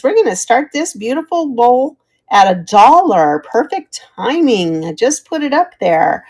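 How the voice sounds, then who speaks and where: A woman's voice: on the high side, sing-song, unhurried, a little mellow. A middle-aged woman chatting as she sells vintage items on a live stream, thanking viewers by name. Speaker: live auction seller. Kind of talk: live-stream selling chat.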